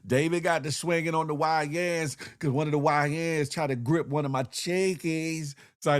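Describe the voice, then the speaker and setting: High-voiced playful male show host. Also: fairly even intonation, moderate pace, few pauses. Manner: playful, laughing, slips into impressions. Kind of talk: casual comedic commentary.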